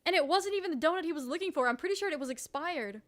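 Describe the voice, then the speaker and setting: A young woman streamer telling a story in casual chat, animated, swearing freely and leaning on "like" a lot. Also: extremely high pitch, rapid-fire. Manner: animated, swears freely, heavy use of "like", laughs often.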